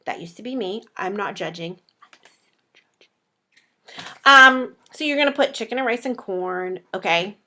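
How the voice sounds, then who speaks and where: A woman's voice: mid-range voice, lively intonation, unhurried, pauses often, bright, forceful tone. A young woman giving a casual meal planning tutorial, chatty and playful, acting out viewers' reactions in little voices. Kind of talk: casual talking-head tutorial.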